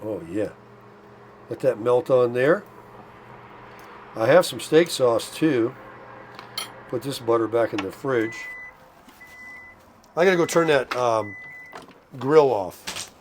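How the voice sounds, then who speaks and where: An older man chats to camera for a casual vlog while cooking at his RV, moving indoors and out around the RV park. He sounds folksy, tired and short of breath, speaking slowly with long pauses and lively intonation in a mid-range voice, over a little hiss or hum.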